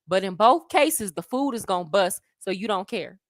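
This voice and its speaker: Living abroad in Colombia, the American host of a laid-back travel livestream responds to viewer comments, chatting with energy, laughing frequently and speaking in slang. She has an animated, mid-range voice at a moderate pace, captured in a dry, studio-quality recording.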